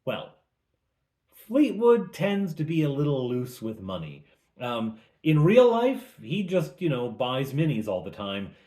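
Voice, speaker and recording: A man's voice: mid-range voice, huge pitch swings, measured pace, mellow, roomy sound. A man recapping a tabletop game as game master, in a casual, chatty way with asides.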